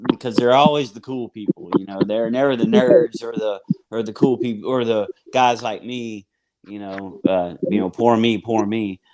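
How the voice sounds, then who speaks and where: A man with a Southern US accent and a fairly low voice tells his story in a loose, rambling way. He fills his speech with "man" and "uh" as he talks. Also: moderate pace, crowd noise. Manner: rambling, filler-heavy, says "man" and "y'all". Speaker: guest sharing recovery story. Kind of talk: casual conversational storytelling.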